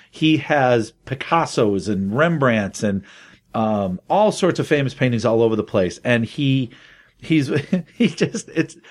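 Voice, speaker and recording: A man in casual podcast conversation, middle-pitched and easygoing. He tells stories with energy and jumps into raised voices when he quotes characters. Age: adult, married. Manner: animated storyteller, acts out quotes in a raised voice. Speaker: podcast co-host. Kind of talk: casual chat.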